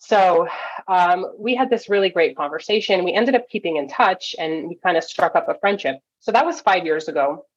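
A woman from Toronto, a nurse coach, telling a story as a podcast guest, animated and full of quick asides. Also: lowish voice, breathy edge. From Toronto, Canada. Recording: dull lo-fi audio.

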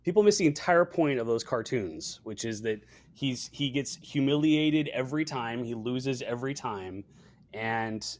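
A man co-hosting a casual podcast chat, relaxed and trailing off quietly at the end of his thoughts. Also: medium pitch, measured pace. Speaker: podcast co-host.

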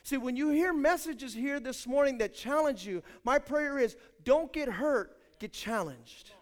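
A man preaching a sermon as pastor, emphatic and speaking straight to his congregation, moving between quiet asides and loud declarations. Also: extremely high pitch, lively intonation, unhurried.

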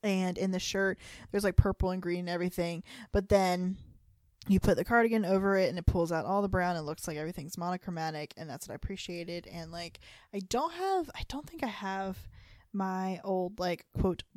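A woman's voice: fairly low pitch, a little fast, darkish tone, no room sound. Rambling woman podcast co-host, dry mic. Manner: rambling, hesitant, many fillers and laughs. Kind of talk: casual chat.

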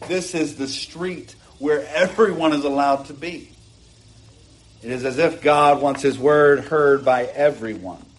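Male pastor, mid-range voice, earnest emphatic sermon delivery from the pulpit. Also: medium pitch. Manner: earnest, emphatic preaching with rising bursts and asides. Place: church, preaching from a pulpit.

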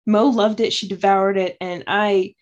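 A woman's voice: medium pitch, fairly even intonation, a little slow, highs cut off. A woman co-hosting a casual book review podcast, playful and teasing, laughing often. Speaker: podcast co-host.

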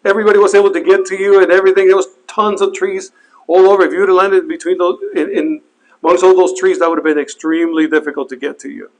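A man with a slightly higher voice tells a personal story. He talks earnestly and haltingly, often repeating words and restarting his sentences as he goes. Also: fairly even intonation, rough recording. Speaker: helicopter flight instructor telling his crash story. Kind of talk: personal account, spoken testimony.

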